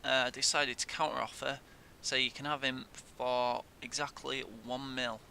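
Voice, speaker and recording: Bright, sweary gamer man. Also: little pitch movement, normal speed, gravelly. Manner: swears loudly in frustration. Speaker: gaming YouTuber. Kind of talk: gameplay commentary. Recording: faint noise and low rumble.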